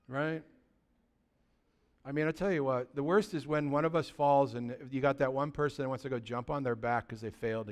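A male pastor, preaching a conversational sermon and calling out to his congregation. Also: medium pitch. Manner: exhorting, conversational, calls out to congregation.

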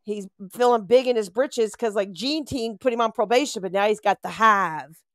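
A woman's voice: a little high, normal speed, no echo, studio quality. An older woman co-hosting a live online talk show, chatting in a gossipy way and often laughing. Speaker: co-host. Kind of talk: casual live-stream chat.

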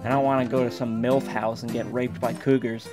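A man's voice: medium pitch, little pitch movement, a little fast, over music. A young man in casual game commentary, goofy and rambling, who keeps slipping into silly voices. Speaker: gaming commentator. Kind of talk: casual let's play commentary.

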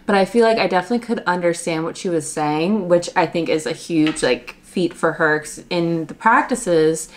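A congested woman talks casually through a music reaction, eager and chatty, often groping for the right words. Her voice sits a little low for a woman. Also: moderate pace, few pauses, slight background noise. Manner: enthusiastic, chatty, searching for words. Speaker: reaction channel host.

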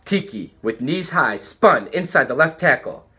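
A man reading a children's book aloud with animated, dramatic pacing. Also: medium pitch, a little slow, husky. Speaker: storybook reader.

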